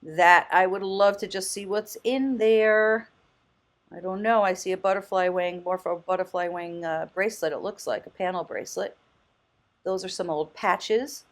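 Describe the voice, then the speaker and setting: A woman vlogging casually as a thrift host, chatty and enthusiastic, often exclaiming and thinking out loud. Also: on the low side, normal speed. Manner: muses aloud, thinking out loud. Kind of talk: casual vlog commentary.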